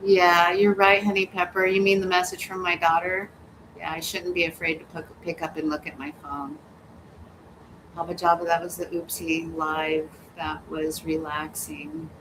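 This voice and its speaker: A woman's voice: on the low side, little pitch movement, normal speed, noisy background. A woman hosting a casual livestream, reading viewer comments aloud, laughing often and cussing freely. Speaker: livestream host. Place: home, hot weather.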